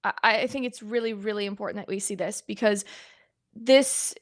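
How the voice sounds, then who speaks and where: A woman's voice: mid-range voice, fairly even intonation, normal speed. A young woman in her twenties hosting a livestream, speaking earnestly and emotionally, close to tears as she repeats herself for emphasis. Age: 20s. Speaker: guest host of a livestream. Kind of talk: livestream open forum.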